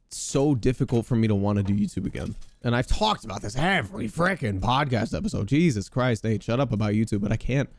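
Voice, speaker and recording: A young man hosting a podcast, giving loud, excitable gaming commentary with casual swearing. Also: medium pitch. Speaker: podcast host.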